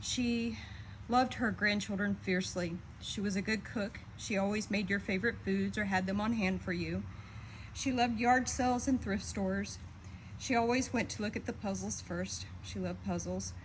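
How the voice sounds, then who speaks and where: A woman's voice: mid-range voice, normal speed, slight background noise, poor audio. Woman reading a heartfelt eulogy. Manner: steady, heartfelt, fondly reminiscing. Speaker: daughter giving a eulogy. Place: memorial service.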